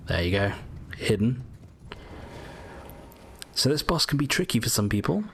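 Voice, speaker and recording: A man's voice: medium pitch, very animated, unhurried, vocal fry, a bit bright, a little hiss or hum. A man casually commenting as he plays through a game, explaining tips and muttering asides to himself. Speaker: gameplay walkthrough host.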